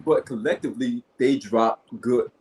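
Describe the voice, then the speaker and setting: A man hosting a podcast, calm and measured as he moderates the debate. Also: medium pitch, a little hiss or hum, low-quality recording. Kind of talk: casual chat.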